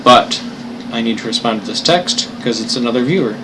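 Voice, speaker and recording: Male streamer, mid pitch, playful chat, audible background noise. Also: lively intonation. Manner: playful, greets chat viewers, reads aloud slowly. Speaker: live streamer. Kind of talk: casual stream chat and story reading.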